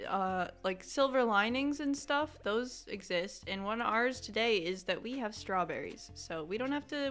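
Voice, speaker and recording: Brief: young female gamer, bright tone, dramatic excitable commentary with loud outbursts, desk mic. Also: mid-range voice. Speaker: gaming YouTuber. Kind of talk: casual let's-play commentary.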